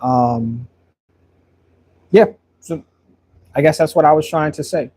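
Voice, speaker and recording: A man's voice: a little high, takes it slowly, warm tone, breathy edge. A man painting on a livestream, talking in a loose, long-winded way, full of fillers. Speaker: painter livestreaming his work. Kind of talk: casual rambling talk while painting.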